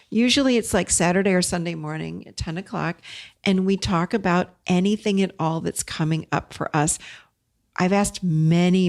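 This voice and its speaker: A woman's voice: lowish voice, gravelly. A middle-aged woman hosting a solo podcast, talking earnestly and directly to her listeners as she coaches them. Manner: earnest and direct, addresses listeners as "you guys". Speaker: podcast host.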